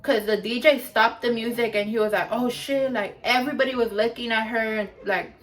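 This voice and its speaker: A woman's voice: a little high, fairly even intonation, fairly quick, a bit bright. A young woman vlogger telling a storytime in a chatty, casual way, full of filler words and swearing.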